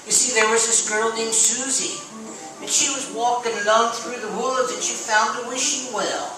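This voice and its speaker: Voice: mid-range voice, steady tone, moderate pace. Echoey storyteller for children. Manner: gentle, addresses children directly. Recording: very echoey room, far mic, music.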